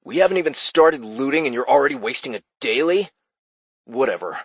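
A man's voice: medium pitch, lively intonation, brisk, breathy edge, no room sound, voice pushed up. A man voicing an arrogant, impatient young male gamer who sneers at his teammates. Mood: dismissive. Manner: dismissive, bossy, sneering. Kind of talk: audiobook character voice.

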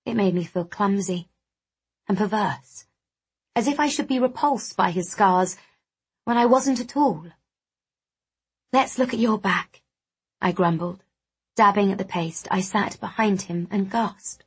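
A woman narrating a first-person audiobook in a measured storytelling manner. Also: mid-range voice, animated, breathy edge.

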